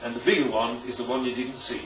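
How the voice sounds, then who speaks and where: A man preaching a sermon, animated and emphatic, often checking in with "right?". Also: medium pitch, fast talker, background noise. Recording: echoey room, distant mic, dull sound.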